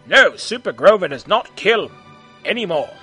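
A man's voice: high voice, big pitch swings, normal speed, bright, forceful tone, husky, faint music behind, exaggerated voice. A man voicing an earnest, naive male furry monster superhero in an amateur audio story. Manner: earnest, refers to himself by name.

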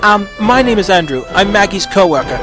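A man's voice: high voice, lively intonation, brisk, music in the background, voice pushed up. A man doing a stammering, polite coworker. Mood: nervous. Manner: stammering, careful. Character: polite, hesitant young male co-worker.

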